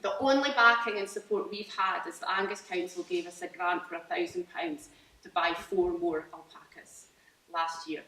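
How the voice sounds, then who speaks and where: This Scottish farmer presents her farm business informally, animated and enthusiastic, with plenty of fillers and restarts. Her fairly low voice sounds pushed and bright at normal speed, with slight background noise and a far-off mic in a large hall.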